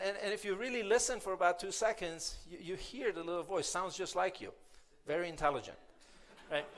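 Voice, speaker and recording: A man's voice: high-pitched, a bit bright. A man giving a conversational, playful motivational keynote at a conference, often asking the audience questions. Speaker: keynote speaker.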